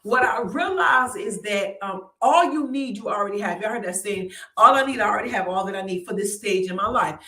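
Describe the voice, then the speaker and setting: A woman's voice: mid-range voice, brisk, few pauses, roomy sound, far from the mic. A woman hosting a live online show, giving a motivational talk in a chatty way and often turning to her audience. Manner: lively and chatty, keeps turning to the audience with "y'all" and "right?".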